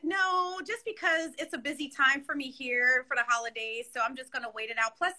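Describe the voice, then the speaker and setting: A woman's voice: high-pitched, steady tone, brisk, pushed and bright. A woman guest who owns a brow salon, chatting casually and rambling from work between clients. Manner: chatty, rambling, filler-heavy. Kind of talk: casual chat.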